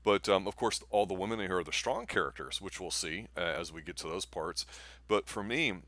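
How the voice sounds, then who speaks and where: A man's voice: low voice, a little fast, fairly bright tone. A man co-hosting a casual movie review show, talking in a rambling, enthusiastic way with lots of fillers.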